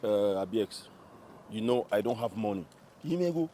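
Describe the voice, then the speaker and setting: A man's voice: on the low side, lively intonation, normal speed, slight background noise, close to an everyday voice. A man playing a stammering Nigerian boyfriend short of cash. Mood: weary. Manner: stammering, bursts into shouting. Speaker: boyfriend pressed for money.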